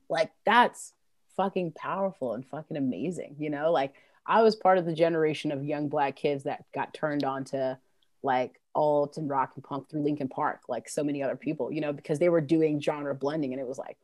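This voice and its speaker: Low-voiced woman, casual and profane. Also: fairly even intonation, a little fast, a little mellow, no room sound. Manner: loose, profane, heavy on fillers, laughs easily. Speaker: punk band musician. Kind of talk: casual interview chat.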